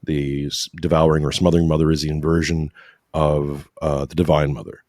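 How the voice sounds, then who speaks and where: A man's voice: a bass voice, flat delivery, fairly quick, a little mellow, no room sound, studio quality. A man talking earnestly and in a preachy way about faith in a podcast conversation, often adding "right?" to his points. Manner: emotional at times. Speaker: podcast guest. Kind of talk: conversational religious discussion.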